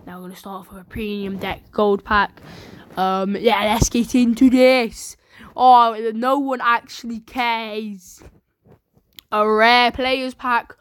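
A woman hosting casual pack-opening commentary, chatty and excitable with sudden shrieks. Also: fairly high pitch, takes it slowly. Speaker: channel host.

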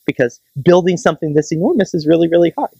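A staff astronomer giving a public science lecture at a planetarium, explaining with everyday comparisons and checking in with the audience with quick "right?" questions. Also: medium pitch, animated, gravelly, dark tone, slightly rough, no echo, highs cut off.

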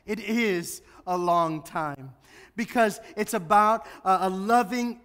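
A man's voice: sits high, a bit bright. A man with an American accent, a pastor delivering a sermon, telling a funny story and building to passionate emphasis. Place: church sanctuary. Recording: long hall reverb in a church.

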